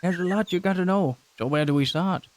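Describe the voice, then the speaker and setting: A folksy, know-it-all villager in a video game, drawling in a Southern American accent, as a man puts him on. The voice sits higher than the man's usual talk and swoops up warmly as he hands out advice and calls the listener buddy. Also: a little fast, a little hiss or hum, natural voice. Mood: chummy. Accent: put-on American Southern. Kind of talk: reading game dialogue aloud.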